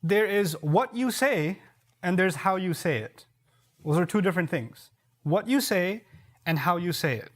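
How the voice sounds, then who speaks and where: A man preacher giving a sermon, explaining verses through rhetorical questions and repeated key points, with quick Arabic recitation. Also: high voice, expressive.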